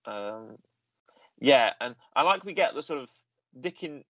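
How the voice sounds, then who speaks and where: A man's voice: medium pitch, animated, a little slow, bright, forceful tone, no room sound, dull audio. A man co-hosting a casual film podcast, rambling with frequent ums and restarts. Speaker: podcast co-host.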